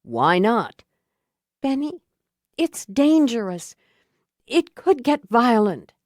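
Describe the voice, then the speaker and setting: A woman playing a tense, secretive woman in an audiobook, clipped and evasive, her voice pitched up and strained above the narration. The pace is slow. The sound is close and dry. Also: very animated, a little mellow, no echo. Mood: guarded. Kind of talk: audiobook character voicing.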